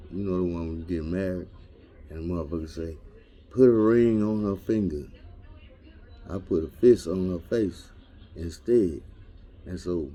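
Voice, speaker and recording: A man's voice: low-pitched, mellow. A man doing a crude, rambling comedy rant full of slang and street storytelling. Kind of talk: raunchy improvised comedy rant.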